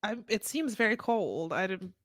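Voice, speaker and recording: Woman chiming in with quick laughs. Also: mid-range voice, expressive, a bit bright, no echo, clean studio sound. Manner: laughs often, chimes in briefly. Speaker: podcast co-host. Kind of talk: casual chat.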